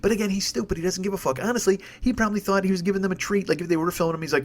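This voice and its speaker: A man's voice: sits high, racing, hardly any pauses. A man hosting a solo comedy podcast, ranting in a profane, rambling, sarcastic way into a microphone. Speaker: podcast host. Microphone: studio microphone.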